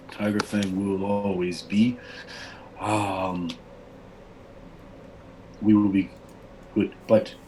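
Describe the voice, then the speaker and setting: A gruff barbarian warrior with a low, heavy voice, as a man puts him on for a tabletop game. He talks slowly in halting, broken phrases, dropping words as he goes. A faint hum of ambience sits behind him. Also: a little mellow, poor audio.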